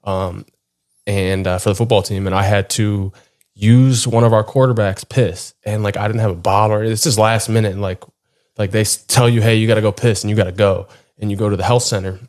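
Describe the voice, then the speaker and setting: Laid-back young man, lowish voice. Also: fairly even intonation, fairly quick, darkish tone. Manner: laid-back storytelling with frequent likes. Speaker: podcast co-host. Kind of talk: casual chat.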